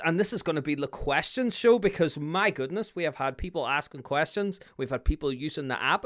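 A man co-hosting a casual podcast, talking excitably with sudden loud bursts and frequent laughter. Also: on the high side. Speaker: podcast co-host.

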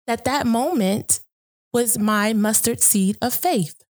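A woman's voice: fairly high pitch, takes it slowly, no echo, studio quality. A woman hosting a podcast, talking earnestly and reflectively about faith and often breaking into laughter. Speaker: podcast host. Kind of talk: casual conversation about faith.

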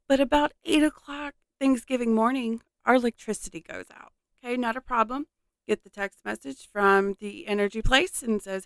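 A woman's voice: mid-range voice, a bit bright, clean tone, no room sound, studio quality. A middle-aged mother chatting casually as she tells a rambling family holiday story with exasperated asides.

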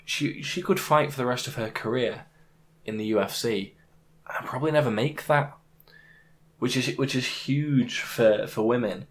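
A man's voice: medium pitch, moderate pace. A man co-hosting a podcast, talking casually about fights and making emphatic points with examples. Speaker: podcast co-host. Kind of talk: casual MMA chat.

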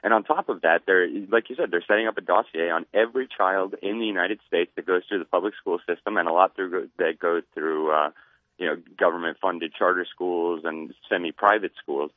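A man speaking as a guest columnist on a radio show, intense and deliberate. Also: low-pitched, no echo. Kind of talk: radio interview. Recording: tinny phone line.

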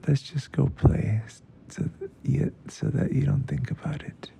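A calm, patient father in a bedtime storybook, gently reassuring, as a man puts him on. His voice is low-key, dark and gravelly, unhurried. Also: whispered. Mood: coaxing.

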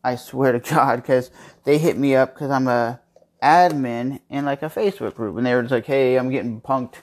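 A man talks through a casual, unpolished podcast from his home kitchen. His voice sits at an ordinary middle pitch for a man. He tells a personal story candidly and in a rambling way. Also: moderate pace. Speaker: podcast host.

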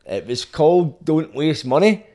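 A man's voice: fairly high pitch, very animated, measured pace, dark tone. A young Glaswegian man in casual chat, telling laid-back, sweary anecdotes. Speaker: guest rapper.

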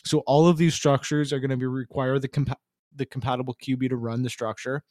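A man co-hosting a casual gaming chat, talking in a relaxed, rambling way full of fillers. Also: mid-range voice, fast talker, no room sound, clean studio sound. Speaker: podcast co-host.

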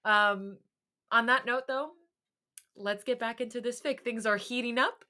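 A woman's voice: a little high, steady tone, unhurried, pushed and bright. A young woman co-hosting a podcast in casual chat, giggly and joking. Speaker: podcast co-host.

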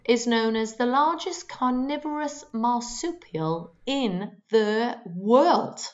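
A woman's voice: takes it slowly, dull audio. A woman co-hosting a casual podcast, playfully teasing as she runs a trivia quiz. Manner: playful and teasing, lively pitch jumps. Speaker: podcast co-host running a quiz; teacher. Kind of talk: casual chat.

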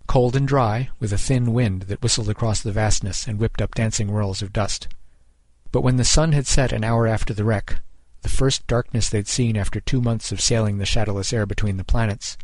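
A man reading a science fiction story aloud in a measured, dramatic storytelling voice. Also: lowish voice, a little mellow, no room sound. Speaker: narrator. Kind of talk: scripted story narration.

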